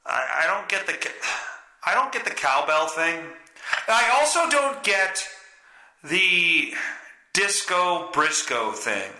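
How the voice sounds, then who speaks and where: A man's voice: high-pitched, sing-song, slow pace, long pauses, bright, forceful tone, reverberant, rough recording. A man with a stuffy nose hosting a solo podcast, rambling, swearing and mocking himself. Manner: rambling, profane, self-mocking. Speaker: podcast host.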